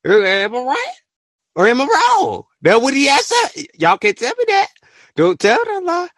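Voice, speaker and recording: A man hosting a podcast, ranting his opinion in an animated, profane way and bursting into shouts. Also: very high voice, measured pace, no echo, studio quality. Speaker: podcast host.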